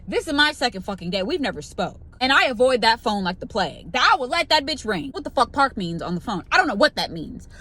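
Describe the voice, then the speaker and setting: A young woman tells an exasperated, profanity-laced story about her new job. Her voice sits a little high and swings widely as she vents. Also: brisk, few pauses. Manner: profane, exasperated, animated retelling with quoted voices. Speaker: pharmacy technician. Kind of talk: ranting storytime vlog.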